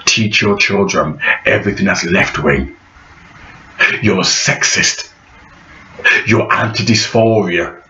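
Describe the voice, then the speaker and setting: A man's voice: low voice, takes it slowly, pauses often, bright, forceful tone, slight background noise. A man vlogging in a preachy, prophetic monologue, repeating phrases for emphasis. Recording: echoey room, dull lo-fi sound.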